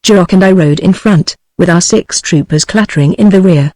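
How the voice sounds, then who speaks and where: A text-to-speech woman's voice with a British English accent, reading a classic novel aloud at an even, steady cadence. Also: lowish voice, normal speed, no echo, low-quality recording. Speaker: audiobook narrator.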